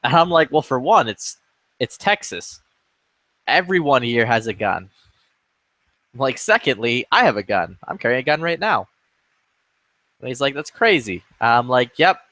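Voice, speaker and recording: A man's voice: medium pitch, sing-song, unhurried, long pauses, sharp tone, dry recording. A man chatting casually in a game lobby, telling a rambling story with lots of swearing and acted-out quotes. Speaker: gaming streamer.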